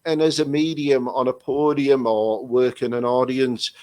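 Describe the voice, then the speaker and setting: A man's voice: medium pitch, level tone, measured pace, darkish tone, dry recording. An English man, a psychic medium, telling rambling stories with many restarts in a casual chat over a video call. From England.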